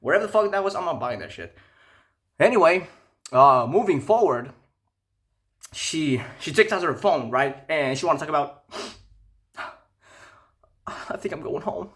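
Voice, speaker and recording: A young man telling a casual, profane storytime rant, animated and incredulous. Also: a little high, normal speed, long pauses. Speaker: vlogger.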